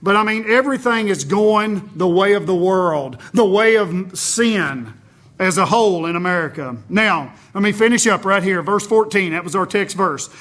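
A man preaching an impassioned sermon, swinging between loud emphasis and low, intense passages. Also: normal speed. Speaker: Baptist preacher.

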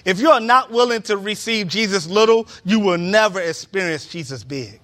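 A man's voice: sits high, moderate pace. A man preaching a sermon in a church, telling stories with acted-out voices and building to emphatic peaks. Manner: animated storytelling, acts out voices, rising to emphatic peaks.

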